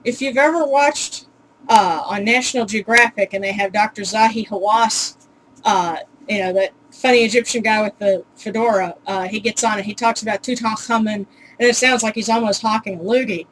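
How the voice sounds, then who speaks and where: A woman's voice: mid-range voice, normal speed, a little hiss or hum, poor audio. A woman casually teaching pronunciation in a home video, chatty and full of ums, with wry, exasperated asides. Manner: chatty, with many ums and uhs.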